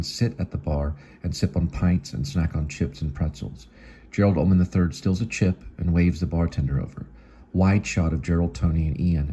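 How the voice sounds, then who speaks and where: A man's voice: low-pitched, mellow, husky. A man reading his own screenplay aloud, working through the scene directions plainly, with small slips. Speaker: actor and channel host.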